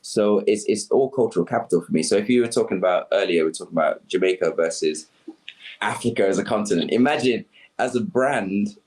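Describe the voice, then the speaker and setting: Podcast guest: man from Sierra Leone, low voice, reflective, thoughtful delivery. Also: fairly quick, darkish tone. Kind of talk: conversational podcast interview.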